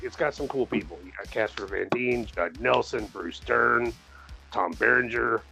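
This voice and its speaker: A man with a gravelly, husky voice chats his way through a movie review, with plenty of swearing and laughter. His pitch swings widely as he acts out the characters, and faint music plays behind him. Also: sharp tone, low-quality recording. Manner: rambling, profane, laughs often, acts out characters. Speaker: podcast co-host. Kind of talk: casual movie review chat.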